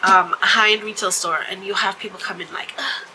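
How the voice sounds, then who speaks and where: Woman host for a casual talk vlog, mid-pitched and very bright, loose and chatty delivery. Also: fairly even intonation, fairly quick, slight background noise, rough recording. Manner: chatty storytelling with frequent fillers and laughs.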